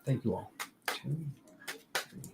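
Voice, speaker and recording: A man hosting a casual live-stream tarot reading, talking in an unhurried, rambling spiritual way with many fillers. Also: heavy background noise.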